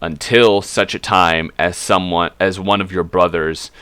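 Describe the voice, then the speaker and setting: A man's voice: sits low, fairly even intonation, measured pace, a bit bright, smooth, no room sound. A man voicing a stern male god-king who hands down judgment in a scolding, slangy way.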